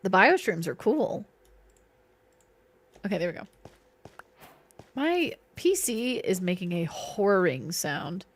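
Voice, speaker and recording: A woman's voice: mid-range voice, sing-song, takes it slowly, pauses often. A woman streaming a game, chatting playfully with her viewers and herself. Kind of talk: casual live-stream chat while gaming.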